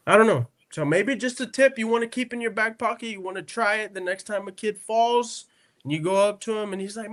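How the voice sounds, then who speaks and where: A man with a slightly raised voice tells stories on a podcast, animated and conversational. He jumps into the voices of the people he describes and keeps checking in with "right?" and "okay?". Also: high-pitched, a little fast. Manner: animated storyteller who acts out quotes; peppers speech with "right?" and "okay?". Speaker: podcast co-host. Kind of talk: casual podcast storytelling.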